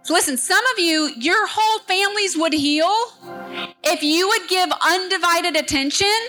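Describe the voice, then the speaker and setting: A woman's voice: very high-pitched, moderate pace, pushed and bright, faint music behind. A woman preaching a sermon as a guest speaker, earnest and at times tearful, speaking straight to her congregation.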